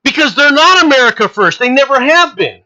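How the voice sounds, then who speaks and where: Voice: high voice, sing-song, fairly quick, pushed and bright, dull audio. A political commentator ranting in a sarcastic, mocking way, hammering points home with repetition and scornful laughter. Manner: emphatic, repeats points over and over.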